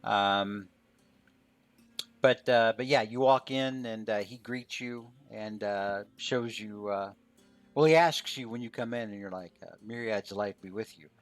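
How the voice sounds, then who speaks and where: A man running a tabletop game as game master, narrating in a relaxed way full of fillers. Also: on the low side, measured pace, faint music behind.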